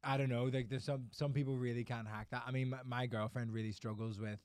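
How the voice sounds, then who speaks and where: A Northern Irish man talking loosely on a podcast, swearing freely and slipping into little quoted bits. His voice is smooth and resonant at a middling pitch. The sound is close and dry. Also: level tone, fast talker, a little mellow, no echo. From Northern Ireland. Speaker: comedian and podcast co-host. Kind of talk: casual podcast banter.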